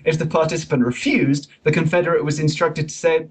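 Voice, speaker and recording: A man's voice: fairly high pitch, fairly even intonation, fairly quick, few pauses, husky, rough recording. A man hosting a comic science podcast, wry and pun-loving, reading from a study. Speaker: podcast host.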